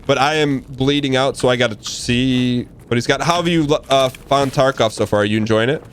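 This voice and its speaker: A man's voice: mid-range voice, moderate pace, smooth. Inquisitive male gaming streamer. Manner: friendly, asks many questions. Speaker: streamer host. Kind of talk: casual gaming chat.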